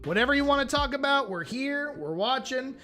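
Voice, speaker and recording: A man's voice: extremely high pitch, lively intonation, a little fast, bright, forceful tone, soft background music. A man streaming live, chatting casually and playfully with his audience while reacting to videos. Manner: chatty, playful, talks straight to his chat.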